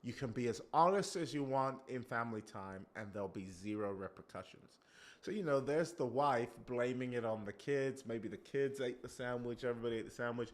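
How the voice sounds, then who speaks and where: A male preacher giving an animated sermon, acting out quotes and breaking off to comment on himself. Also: mid-range voice, a little fast. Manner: animated, acts out quotes, self-interrupting.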